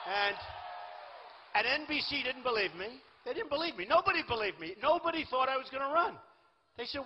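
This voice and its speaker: A man in his sixties gives a rambling, boastful campaign rally speech in a large venue, speaking briskly in a very high voice with big pitch swings. The lo-fi recording is echoey, with background noise from the hall.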